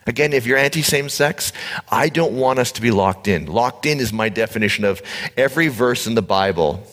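A man preaching a conversational sermon, animated, blunt and joking with his congregation. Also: mid-range voice, fairly quick. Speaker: pastor. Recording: echoey hall reverb.

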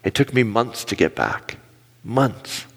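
A man's voice: medium pitch, slow, husky. A man in his forties preaching a sermon on stage, telling stories and acting out quotes with animation. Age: 40s. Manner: animated storytelling with acted-out quotes. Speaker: pastor. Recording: long hall reverb.

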